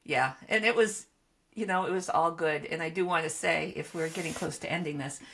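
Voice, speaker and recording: A woman's voice: low-pitched, brisk, creaky, a bit bright, slight background noise. A woman in her seventies telling her own stories in a casual podcast chat, wry and self-mocking. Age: 70s. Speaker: podcast co-host, mother.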